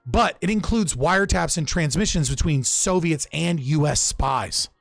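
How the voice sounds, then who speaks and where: A man's voice: a little high, measured pace, creaky, no echo. A young man casually recounting political history on a podcast, loose and profane, often restarting his sentences. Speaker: podcast speaker.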